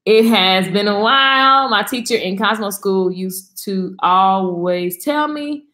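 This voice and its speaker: In an echoey room at home, a woman hosts a casual live video chat with a blunt, sassy, no-nonsense manner. Her mid-range voice has a sharp tone, and she takes it slowly.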